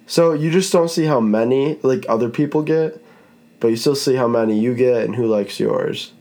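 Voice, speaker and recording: A man's voice: mid-range voice, moderate pace, darkish tone. A man hosting a casual podcast chat, rambling in a laid-back way and swearing now and then. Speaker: podcast host.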